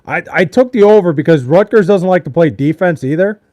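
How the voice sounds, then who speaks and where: A man's voice: high voice, expressive, brisk, a little mellow, dull audio. A young man chatting casually on a live stream, joking and swearing loosely with his chat while sounding tired. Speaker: livestreamer. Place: at home in Wisconsin.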